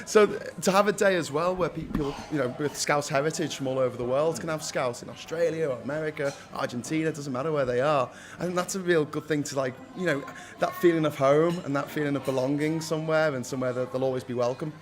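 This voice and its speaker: Chatty Liverpool man, a touch high. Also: fast. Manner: upbeat, chatty, laughs often. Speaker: founder of a local food day. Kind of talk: casual interview.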